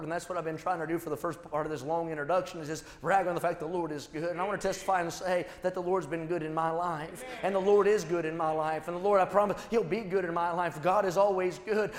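A man's voice: high voice, steady tone, quick pace. A man preaching a sermon at a large meeting, in a rhythmic, repetitive preaching cadence. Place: large meeting hall with a built platform. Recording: echoey hall with long reverb.

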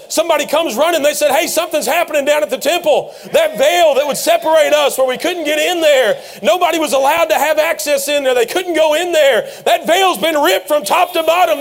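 A man preaching a sermon, retelling scenes with rising passion and frequent shouts. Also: very high-pitched. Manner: impassioned storytelling preacher, often shouting.

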